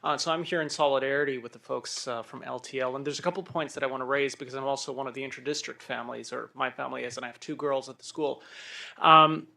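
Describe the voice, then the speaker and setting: A man's voice: medium pitch, steady tone, quick pace, creaky, pushed and bright. A father giving a casual, direct public comment at a school board meeting.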